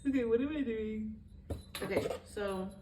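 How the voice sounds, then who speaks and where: A young woman chatting casually at home in an unboxing vlog, excitable and chatty, swearing freely and dropping to near-whispers. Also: on the high side, unhurried, background noise. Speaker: vlogger.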